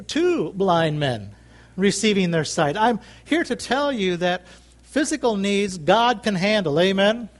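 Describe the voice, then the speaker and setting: A man preaching a sermon, emphatic and repetitive, calling out for amens from the congregation. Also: sits high. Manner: emphatic, repeats phrases, calls for amens.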